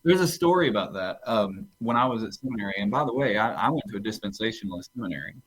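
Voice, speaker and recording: Low-voiced pastor telling stories. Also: male voice, expressive, quick pace, a bit bright, slightly rough, no echo, poor audio. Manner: rambling storyteller who restarts phrases. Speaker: pastor and podcast guest. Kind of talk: casual theological conversation.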